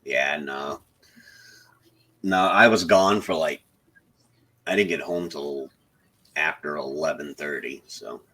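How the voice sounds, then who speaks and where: A man with a Southern drawl, co-hosting a live stream in slow, easygoing casual chat. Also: rumbling low, fairly bright tone, breathy edge. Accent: American Southern drawl.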